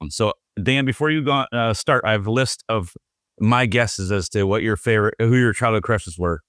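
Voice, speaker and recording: With a lowish, slightly bright voice at moderate speed, a man chats casually on a podcast he co-hosts, recorded studio-clean without echo. He teases and jokes with his co-host, often restarting sentences and leaning on ums and other fillers.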